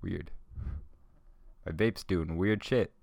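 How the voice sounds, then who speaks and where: Man, solo podcast host, rambling and profane, high, very deep voice, dry close sound. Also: takes it slowly, vocal fry, darkish tone, no echo. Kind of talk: casual solo podcast monologue.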